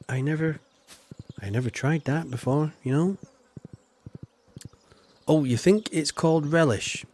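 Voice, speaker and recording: A man's voice: fairly high pitch, a little mellow. A man chatting casually while streaming a farming game, rambling and mocking himself. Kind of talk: casual gameplay chat.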